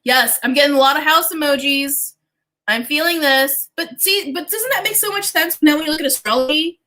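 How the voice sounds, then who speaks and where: A woman hosting a casual livestream as a business coach and astrologer, chatty and animated, swearing casually and talking straight to her viewers. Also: high voice, fairly quick, rough recording.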